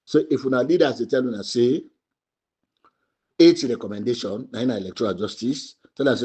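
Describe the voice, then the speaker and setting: A man with a husky Sierra Leonean Krio English accent argues political points with real fire. He keeps hammering the same phrases and often climbs into loud, high bursts of emphasis. His pitch stays middling for a man. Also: brisk. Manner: emphatic, repetitive, rising to shouts. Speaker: party spokesman. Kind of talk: impassioned political commentary.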